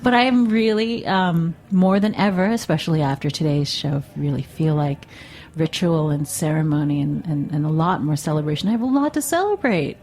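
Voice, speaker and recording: Casting: lower-pitched woman host, effusive and grateful, casual radio chat. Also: normal speed, darkish tone. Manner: effusive, thankful. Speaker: podcast host.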